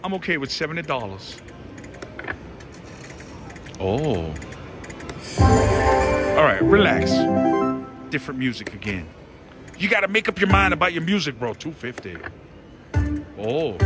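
A man giving excited live commentary as he plays slots in a casino, pleading with the machine and making dramatic exclamations. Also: mid-range voice, takes it slowly, pauses often. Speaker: slot machine vlogger. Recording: loud casino slot machine music behind. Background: slot machine music.

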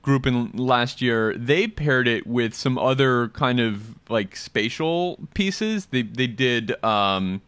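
A man's voice: medium pitch, expressive, fairly bright tone, clear, resonant tone, no echo. A man hosting a podcast panel in casual chat, joking and filling his talk with "um" and "you know". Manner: joking, fast, full of fillers. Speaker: podcast host.

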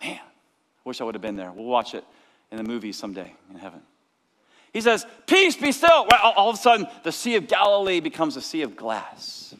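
A male pastor preaching a lively sermon, sometimes shouting out the lines of the people in his story. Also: mid-range voice. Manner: energetic preaching, acts out disciples' cries. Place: church sanctuary. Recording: long church hall reverb.

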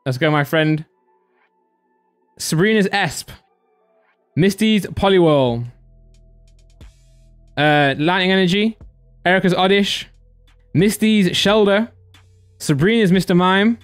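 A young man hosting a live stream, chatty and excitable, laughing often and giving shout-outs to viewers. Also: high voice. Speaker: live-stream host opening card packs.

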